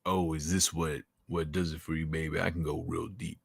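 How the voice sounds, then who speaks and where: A man doing a velvet-deep soul crooner. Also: flat delivery, vocal fry, breathy edge, no echo, full character voice. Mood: sultry. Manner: slow, sultry, suggestive crooning.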